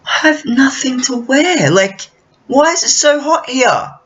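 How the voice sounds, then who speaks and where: A man's voice: very high-pitched, big pitch swings, a little slow, fairly bright tone, slightly rough, muffled recording, voice pushed up, heavily acted. A man playing an overheated young American man, bewildered and swearing in exasperated outbursts. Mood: overheated disbelief.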